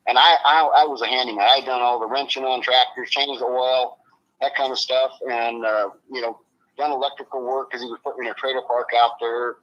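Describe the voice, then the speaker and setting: A man's voice: medium pitch, steady tone, a little fast, a bit bright, muffled recording. A man speaking as an interview guest, blunt and swearing freely, his voice rising when he gets upset. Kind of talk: emotional interview on a live stream.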